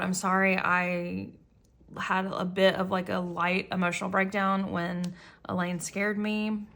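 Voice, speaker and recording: A woman's voice: medium pitch, fairly bright tone. Woman in her 30s doing a chatty planner flip-through, rambly and jokey about herself, lots of likes and restarts. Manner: chatty, rambling, self-deprecating, with restarts and many "like"s. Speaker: planner vlogger.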